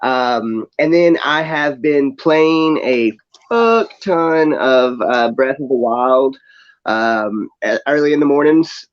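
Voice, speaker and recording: A man's voice: mid-range voice, takes it slowly, clear, resonant tone. A young man and father co-hosting a podcast in casual chat, laid-back, laughing often and full of fillers. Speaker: podcast co-host. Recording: slightly dull lo-fi audio.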